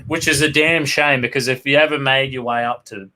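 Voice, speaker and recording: Australian co-host, crude storyteller, lots of swearing, sharp bright tone, casual banter. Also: male voice, medium pitch, steady tone, a little fast, a little hiss or hum. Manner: crude, swears constantly, tells rowdy anecdotes. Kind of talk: casual chat.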